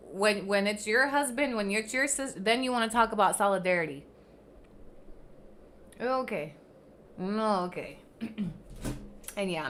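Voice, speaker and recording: A woman's voice: medium pitch, a bit bright, slight background noise. A young woman hosting a livestream, delivering a heated, profane commentary rant and hammering her points with repetition. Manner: fiery, profane, emphatic, repeats herself. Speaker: livestream host.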